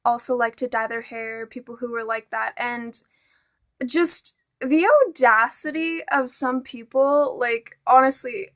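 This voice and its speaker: A woman's voice: fairly high pitch, steady tone, measured pace, a bit bright. Exasperated teen girl ranting. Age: teens. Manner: exasperated, full of "like" and "honestly". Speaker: vlogger. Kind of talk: casual rant to camera.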